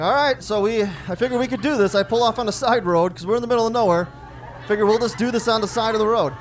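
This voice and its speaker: Fast-talking and high-pitched, a male comic in his forties does stand-up about his daughters, playing their lines and poking fun at himself along the way. A faint hiss or hum runs underneath.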